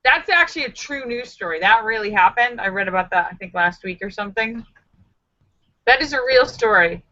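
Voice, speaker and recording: Sassy lady chatting on her live stream, bright sharp voice, kinda dull lo-fi audio. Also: on the high side, animated, brisk. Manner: sassy, joking, self-mocking storyteller. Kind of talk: casual live-stream chat with viewers.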